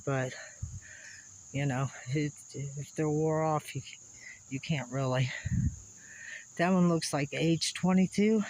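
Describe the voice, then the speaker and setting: A man's voice: fairly high pitch, rough recording. A man, out of breath as he climbs a wooded hillside, chatting folksily to his camera and laughing between gasps. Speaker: vlogger exploring old sites. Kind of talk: casual on-camera narration while hiking. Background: insects and crickets.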